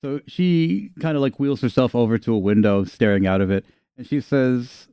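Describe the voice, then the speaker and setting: A man's voice: medium pitch, moderate pace, dark tone, clear, resonant tone, dry recording, clean studio sound. A man narrating a tabletop game as game master, in a casual style with many "kinda" and "like" fillers.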